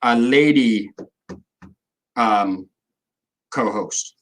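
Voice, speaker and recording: A man's voice: mid-range voice, very slow, low-quality recording. A middle-aged man, hosting a casual livestream, rambling and joking as he answers viewers' comments. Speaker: livestream host.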